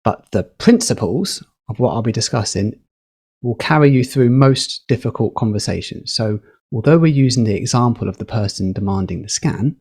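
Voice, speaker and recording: A man on a podcast, explaining communication skills in a lively, teacherly way with a few fillers. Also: on the low side, husky. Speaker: podcast guest, communication educator. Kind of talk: explaining, casual podcast chat.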